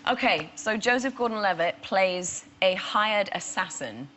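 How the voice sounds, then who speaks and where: A woman's voice: medium pitch, measured pace, a little hiss or hum. A young woman from England, a talk show guest, chatting and telling anecdotes animatedly. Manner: bright, animated storyteller.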